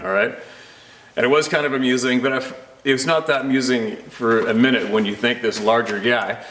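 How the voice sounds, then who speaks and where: A man casually telling a personal story with animated energy, laughing often and acting out the voices of the people in it. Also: on the low side, reverberant. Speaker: storyteller recounting a personal encounter. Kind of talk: casual spoken anecdote.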